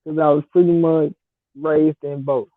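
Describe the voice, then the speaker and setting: A Detroit, Michigan vlogger in her thirties, with a deep, fairly even voice at a moderate pace, tells a story bluntly and casually. Her Detroit accent carries a Southern US touch, and the dry, tinny phone-like audio has no echo.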